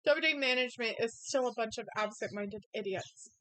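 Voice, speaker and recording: A woman's voice: fairly high pitch, fairly quick, sharp tone, low-quality recording. A woman co-hosting a casual live watch-along stream, laughing often as she reads viewer comments aloud. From Idaho, USA. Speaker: co-host reading chat comments.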